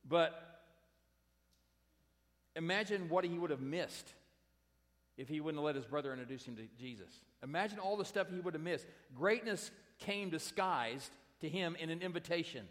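A man's voice: a little high, animated, normal speed. A pastor preaching a sermon to his congregation, emphatic and direct, repeating his key phrases. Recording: long hall reverb.

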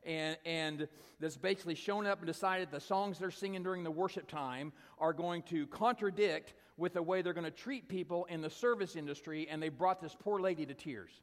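A man preaching as a storytelling speaker, animated and acting out the dialogue, with frequent restarts. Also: a little high, normal speed, few pauses, big-room sound. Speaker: guest teacher at a youth event. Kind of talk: storytelling sermon.

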